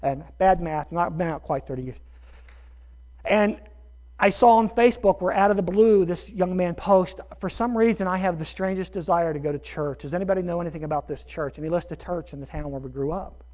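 A middle-aged man, a pastor, telling a story in a sermon with animated, self-deprecating bursts of energy. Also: sits high, a little fast. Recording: dull lo-fi sermon recording.

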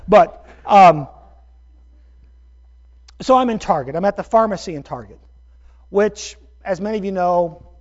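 A middle-aged man, a pastor, telling a story in a sermon with animated, self-deprecating bursts of energy. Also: high-pitched, unhurried, long pauses. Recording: dull lo-fi sermon recording.

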